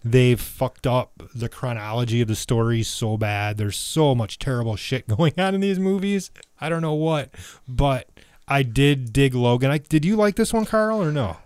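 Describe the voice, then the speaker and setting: A man hosting a movie podcast, chatting casually in a quick, frank way. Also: mid-range voice, a little mellow, clear, resonant tone, no room sound, clean studio sound. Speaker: podcast host.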